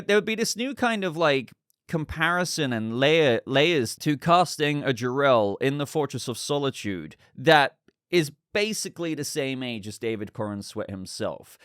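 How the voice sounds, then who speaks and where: A man's voice: mid-range voice, fairly bright tone, clean tone, no room sound, studio quality. A man hosting a casual news commentary show, chatty and rambling with lots of fillers. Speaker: host.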